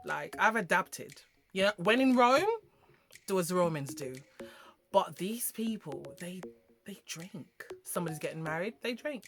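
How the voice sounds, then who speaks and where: A woman from Jamaica with a Jamaican accent, chatting to camera in an animated, emphatic way with slangy asides. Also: lowish voice, a little slow. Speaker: vlogger. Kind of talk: casual chat to camera.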